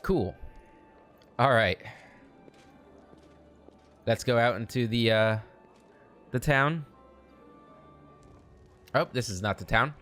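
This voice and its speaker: A man hosting a let's play, making relaxed, joking asides between game text. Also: mid-range voice, slow, pauses often, soft background music. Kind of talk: casual gameplay commentary.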